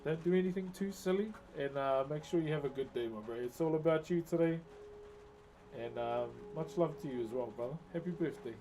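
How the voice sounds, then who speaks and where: A man's voice: a little high, brisk, dark tone, slight background noise. A man, chatting casually with viewers on a live stream and telling jokey stories, laughing often. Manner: laid-back, jokey storytelling with frequent laughs.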